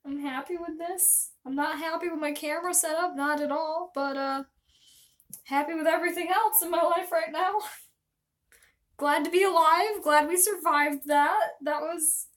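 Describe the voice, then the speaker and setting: High-pitched young woman rambling on a stream, slow and self-deprecating. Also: fairly even intonation, a bit bright. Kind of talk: casual live-stream chat.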